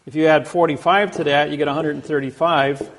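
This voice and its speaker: A man with a slightly raised pitch and a gravelly edge talks to a class in a loose storytelling way. He wanders from anecdote to anecdote, stopping and restarting his sentences. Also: fairly even intonation. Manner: rambling anecdotes with acted quotes; halting, with many restarts. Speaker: speaker teaching a class. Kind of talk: storytelling lecture.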